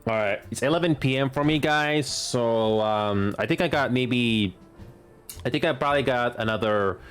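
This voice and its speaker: A man in his late twenties giving casual gameplay commentary as a streamer. He talks in a halting way, stumbling over and restarting words. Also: medium pitch, clean tone. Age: late 20s.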